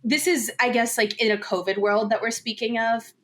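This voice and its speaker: A woman in her twenties, appearing as a podcast guest, talks candidly and casually at a normal speed. Her voice sits on the high side with a steady, slightly bright tone, and her chatty speech leans heavily on filler words, especially "like."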